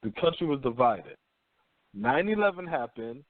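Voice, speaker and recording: A man with a mid-range voice talks at normal speed as a talk radio host, wandering through a crude, slangy monologue. He animatedly impersonates people with mock quoted voices, heard over tinny phone audio with no room sound.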